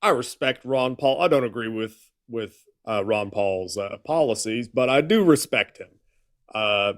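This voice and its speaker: Halting man co-hosting a stream. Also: mid-range voice, animated. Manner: halting, explaining with fillers. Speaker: livestream co-host. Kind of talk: casual livestream chat.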